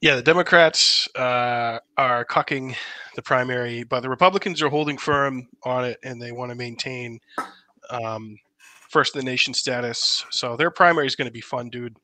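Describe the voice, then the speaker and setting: A man co-hosting a political podcast, blunt and emphatic, with plenty of fillers. His voice is very bright and forceful. The sound is dry and close, with no room echo. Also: medium pitch, moderate pace. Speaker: podcast co-host. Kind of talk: casual political chat.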